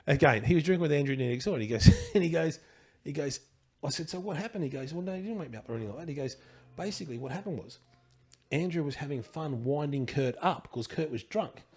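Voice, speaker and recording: Aussie dad type, middle-aged, fast and animated, keeps repeating bits of the story. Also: male voice, on the high side, husky. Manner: rambling, repeats himself, chuckles often. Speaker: guest, host's father. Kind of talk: casual storytelling chat.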